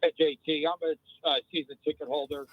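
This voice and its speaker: A male caller on a sports radio show, speaking earnestly with halting fillers over a phone line. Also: a little high, flat delivery, husky, no room sound.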